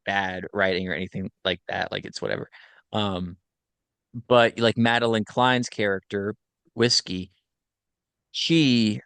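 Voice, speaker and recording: A man casually recapping a film plot on a podcast, rambling with many fillers and quick self-corrections. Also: on the low side, a bit bright, clear, resonant tone, no room sound. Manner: rambling, filler-heavy retelling. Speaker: podcast host.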